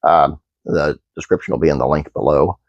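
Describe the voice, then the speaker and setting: A man's voice: extremely low pitch, fairly quick, creaky, dry recording, highs cut off. A man hosting his own channel, reading a trivia script aloud with fillers and restarts, then chatting casually to viewers. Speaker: channel host.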